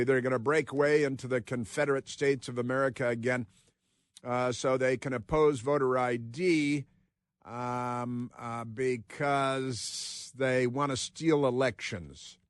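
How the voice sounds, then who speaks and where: A man's voice: no room sound, clean studio sound. A man hosting a political talk radio show, delivering a sarcastic, mocking monologue that rambles with many fillers. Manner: puts on high mocking voices for quotes. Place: radio studio. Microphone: close studio microphone.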